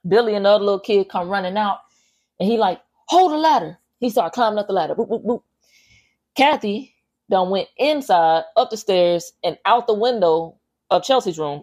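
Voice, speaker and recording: A woman podcast host casually recapping a horror movie scene by scene, animated and full of profane slang. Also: lowish voice, moderate pace.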